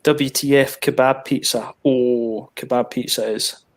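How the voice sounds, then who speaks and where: A man's voice: mid-range voice, steady tone, measured pace. A man hosting a casual livestream from his home, bantering and swearing and reading out viewer messages. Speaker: livestream host. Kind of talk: casual chat. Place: home, living in Sweden.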